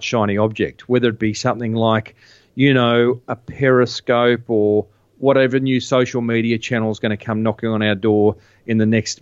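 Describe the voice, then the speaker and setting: A man's voice: medium pitch, dry recording. A man, chatting as a guest on a podcast about marketing, with frequent restarts. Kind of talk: casual interview chat. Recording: dull, dry lo-fi sound.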